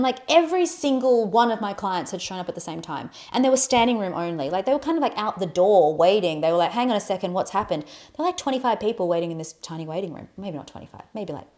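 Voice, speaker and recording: A young adult woman on a podcast, telling a story in a lively, casual way, swearing and acting out quotes in a loud voice. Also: medium pitch. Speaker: podcast co-host.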